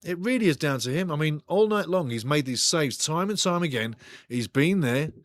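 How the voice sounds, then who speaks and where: A man's voice: on the high side, lively intonation, normal speed. A man hosting a live football watch-along, chatting loosely with viewers and calling the play as it happens. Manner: chatty, rambling, banters with chat. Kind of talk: casual live match commentary.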